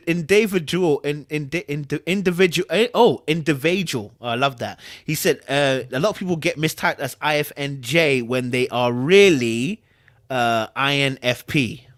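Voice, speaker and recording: A young man hosts a casual livestream and answers his chat in loose slang. His pitch is fairly high and leaps about. The sound is close and dry, with no room around it. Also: dry recording. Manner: excitable, laughs often, slangy. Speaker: livestream host. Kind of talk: casual live chat reading comments.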